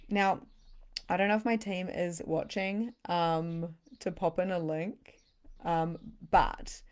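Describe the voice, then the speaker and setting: A woman with a somewhat low voice hosts a livestream as a spiritual coach. She is chatty and bubbly and reads out viewer comments between pitches. Now and then she drops to a hushed, breathy near-whisper for emphasis. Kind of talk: live-streamed sales pitch and chat.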